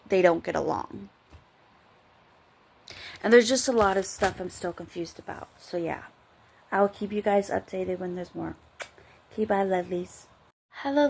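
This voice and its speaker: A woman's voice: fairly low pitch, vocal fry. A tired woman chatting casually late at night, rambling and giggling as she reviews a book. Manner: rambling, giggly, trails off and restarts. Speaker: book vlogger.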